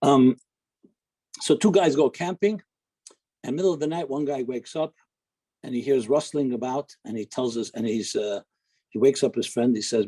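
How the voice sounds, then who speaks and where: Rabbi, male, relaxed informal talk, husky timbre, chatty storyteller. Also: mid-range voice, normal speed, pauses often, low-quality recording. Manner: chatty, digressive storyteller with humor.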